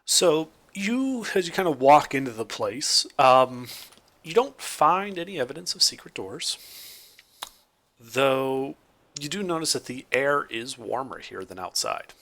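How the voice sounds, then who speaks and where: A young man runs a tabletop game, his voice bright and bouncy as he describes each scene. He talks casually, with fillers, into a desk mic at home. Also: mid-range voice, unhurried. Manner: descriptive, lively narration with fillers. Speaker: game master.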